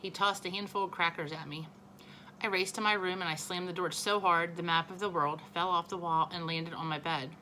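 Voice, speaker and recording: A woman teacher reading a children's novel aloud, expressive and correcting her own small slips. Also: on the low side, brisk, a little hiss or hum, low-quality recording.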